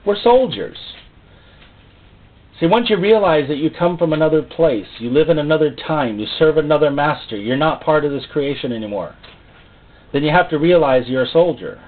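A man's voice: a little high, lively intonation, a little fast. Preacher man on a tinny line. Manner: emphatic, repeats phrases for stress. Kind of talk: sermon. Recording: tinny phone-like sound.

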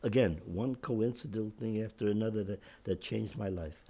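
Gravelly old man in his nineties. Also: fairly low pitch, moderate pace. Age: 90s. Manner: rambling, repeats words, animated storyteller. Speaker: WWII veteran interviewee. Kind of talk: telling a war story in an interview.

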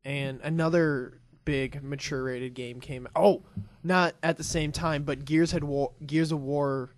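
A young man co-hosting a casual podcast, swearing freely and telling animated stories. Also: fairly high pitch, a little slow, no room sound. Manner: swears a lot, animated storytelling. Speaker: podcast co-host. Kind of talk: casual chat.

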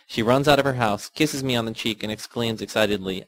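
A man reading a first-person novel aloud in steady, measured narration. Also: medium pitch, dry recording, rough recording. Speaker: audiobook reader.

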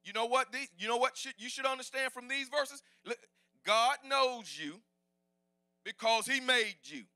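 Shouting, high-voiced, bright male preacher. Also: moderate pace, clean tone, no room sound, clean studio sound. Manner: preaching with call-and-response, rising to shouts. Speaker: pastor. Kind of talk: sermon. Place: church sanctuary.

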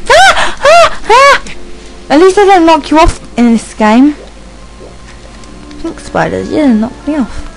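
A woman giving rambling casual commentary while playing a video game, chatting to her dog and reacting out loud. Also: high-pitched, measured pace, creaky, long pauses, over music, rough recording. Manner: excitable, yelps and squeals at the game. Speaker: let's play gamer.

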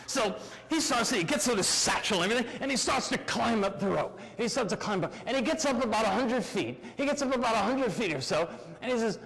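Male keynote speaker, animated comic storyteller, high voice, big hall echo. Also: quick pace, few pauses. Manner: animated, shouty, acts out voices. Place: large hall. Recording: echoey lecture hall.

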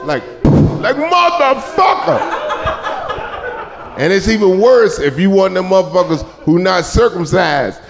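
A male stand-up comedian telling a profane story on stage, shouting his punchlines. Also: sits high, fairly quick, few pauses, in a large hall, a crowd in the background. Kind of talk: live stand-up set. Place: comedy club stage with audience laughter. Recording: live club recording with audience noise.

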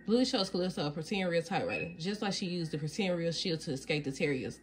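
Low-voiced woman reading a picture book. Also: fast, hardly any pauses, a little hiss or hum, low-quality recording. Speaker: storybook reader.

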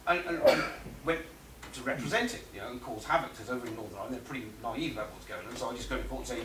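A man giving an animated, anecdotal conference talk, acting out quotes and laughing often. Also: mid-range voice, racing, crowd noise. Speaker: conference speaker. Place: conference room. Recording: roomy hall audio from far off.

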